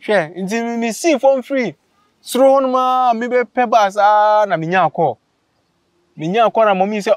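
Man, high voice, dry close sound, animated casual storytelling. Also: normal speed, dry recording. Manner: animated, laughing, acts out quotes. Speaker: vlogger host.

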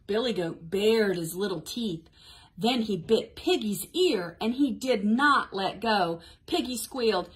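A woman's voice: medium pitch, lively intonation. Sing-song woman librarian at storytime. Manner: sing-song, encouraging, slow and clear. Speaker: children's librarian. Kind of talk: toddler storytime.

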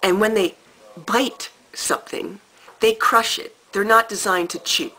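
A woman telling a story to camera in an animated, emphatic way, with dramatic pauses. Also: mid-range voice, poor audio. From Canada. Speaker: vlogger.

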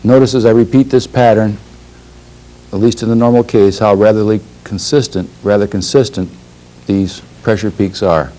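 A man teaching a class, explaining a lab demonstration in a measured way, pausing and clearing his throat now and then. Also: lowish voice, fairly even intonation, dark tone, poor audio. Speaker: instructor.

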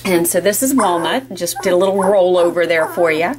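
A woman's voice: on the low side, a little fast, few pauses, very noisy. A woman dog breeder giving a casual sales walkthrough, talking plainly and chattily with frequent ums and uhs.

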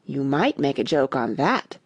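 Woman reading as tiny male gnat, small soft voice, plaintive, gentle, husky. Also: rumbling low, sing-song, unhurried, dry recording, lo-fi sound, voice pushed down, exaggerated voice. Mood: wistful.

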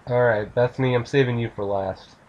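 A let's play host, a man, tossing off casual and profane commentary that turns excitable. His voice is mid-pitched and unremarkable. A faint ambient hiss runs underneath. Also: fairly quick, dull audio.

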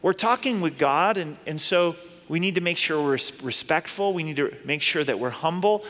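A man's voice: fairly high pitch, expressive, moderate pace, fairly bright tone, big-room sound. A middle-aged man preaching a sermon as a pastor, earnest and conversational, with playful everyday asides.

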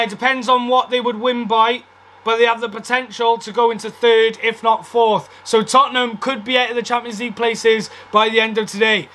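A young man with a very high, sharp voice reacts live to a football match as a fan. He talks casually through quiet spells and bursts into shouting and swearing at goals and referee decisions. His tone stays bright and piercing throughout.

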